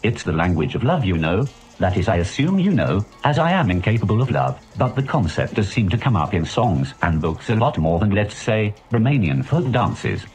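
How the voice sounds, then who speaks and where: A man's voice: lowish voice, moderate pace, hardly any pauses, faint music behind. A man doing a dry snarky British co-host. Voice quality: monotonous, snarky. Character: dry sardonic British male co-host who does not age.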